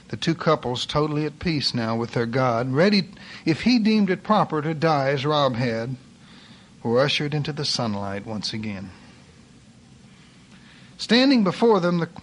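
A man delivers a sermon as a dramatic story, his voice sitting a little high for a man. He preaches with passion, swelling into loud cries and then dropping to hushed lines.

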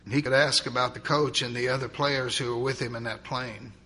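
A man narrating a dramatic story, swinging from loud, urgent passages to hushed ones. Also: medium pitch, fairly even intonation, brisk, slight background noise.

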